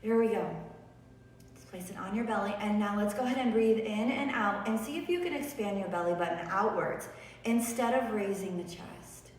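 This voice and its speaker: A woman's voice: mid-range voice, normal speed, recorded from a distance. A woman teaches a beginner yoga class, often checking in with her students. She sounds set back from the mic in a large room with long, echoing reverb. A faint hum of room noise sits underneath her voice. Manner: encouraging, asks the class questions often. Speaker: yoga instructor.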